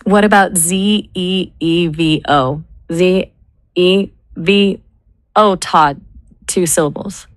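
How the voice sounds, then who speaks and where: A woman brainstorming names in casual chat, measured and spelling words out letter by letter. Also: fairly low pitch, no room sound. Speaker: brainstorming assistant.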